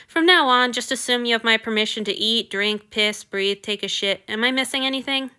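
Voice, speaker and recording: A haughty god , as a woman narrator plays him, speaks in cold, refined and commanding tones with a weary dryness. The delivery is slow and deliberate, in a bright, clear voice. It belongs to an audiobook reading. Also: on the high side.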